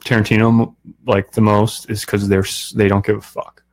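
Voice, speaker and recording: A man talking as a podcast guest, relaxed and opinionated, with many fillers. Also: fairly low pitch, normal speed. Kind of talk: casual chat.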